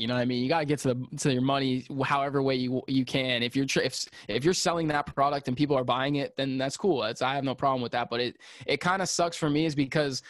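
A man's voice: medium pitch, a bit bright, dry recording, clean studio sound. A man talking as a podcast guest about audio engineering, in casual chat that rambles with many fillers and restarts and turns emphatic.

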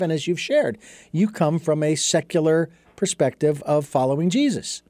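A man's voice: a little high, expressive, moderate pace, a little mellow, no room sound. A man as an interview guest, telling a story and explaining his ideas in an earnest, thoughtful way. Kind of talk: reflective storytelling in conversation.

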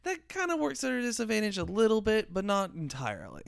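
A man's voice: high-pitched, huge pitch swings, fast, gravelly, smooth, no echo, clean studio sound. A man chatting casually about a cartoon series, rambling with many fillers and restarts. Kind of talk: casual review chat.

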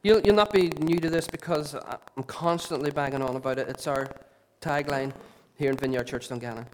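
Impassioned pastor preaching. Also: male voice, on the high side, steady tone, a little fast, a little hiss or hum. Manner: impassioned, repetitive emphasis, drops to quiet asides. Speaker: lead pastor. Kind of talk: sermon. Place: church hall.

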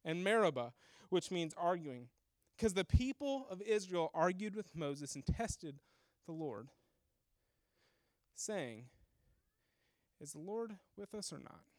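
High-voiced animated male preacher. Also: takes it slowly, dry recording, clean studio sound. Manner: animated storytelling, acts out voices. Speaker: pastor. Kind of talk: sermon.

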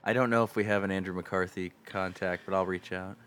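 A man co-hosting a casual podcast chat, chatty and quick with pop-culture trivia, laughing easily. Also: sits low, fairly even intonation, a bit bright, slight background noise.

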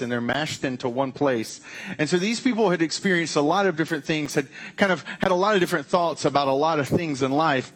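A man preaching a conversational sermon, with frequent restarts and casual asides. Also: mid-range voice. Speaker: pastor.

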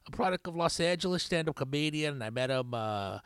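A man's voice: fairly high pitch, lively intonation, a little fast, clean tone, no room sound, studio quality. A man hosting a podcast in casual chat, rambling, swearing a lot and laughing at his own jokes. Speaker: podcast host.

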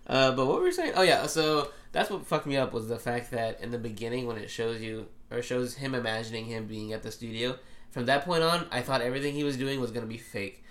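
A young man talks quickly in a relaxed conversation among friends. He is animated and laughs often, and his swearing comes out casual and offhand. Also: medium pitch. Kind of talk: casual chat.

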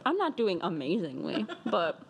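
A young woman co-hosting a casual podcast from an apartment, relaxed and profane, talking while high. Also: moderate pace, a crowd in the background. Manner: laid-back, giggly, profane. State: high from smoking. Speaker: podcast co-host. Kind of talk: casual chat. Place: apartment in Chicago.

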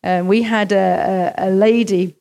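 A woman preaches in a church, leaning on stories from her own congregation. She slips into the voices of the people she quotes as she goes. Her voice sits at a middle pitch and carries a steady, plain delivery. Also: measured pace, gravelly. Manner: storytelling, acts out quoted voices. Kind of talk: sermon.

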